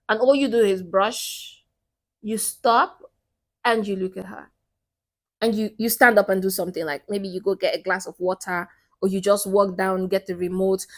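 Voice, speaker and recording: A woman vlogger giving casual, direct dating advice and often checking in with "okay". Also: mid-range voice. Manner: chatty and direct, peppers lines with "okay". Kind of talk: casual advice talk to camera.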